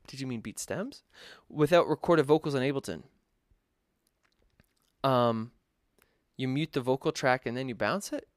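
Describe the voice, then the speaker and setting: A man's voice: mid-range voice, no room sound, studio quality. A man who produces music, answering viewer questions in a loose, chatty tutorial with many fillers and restarts. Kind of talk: casual tutorial Q&A.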